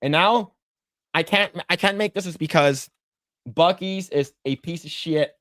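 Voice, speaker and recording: Fairly high-pitched and fairly bright, his unhurried voice comes through a dry, studio-quality recording. He's co-hosting a podcast, drawing on stream as he chats, rambling and repeating himself, with free swearing when annoyed.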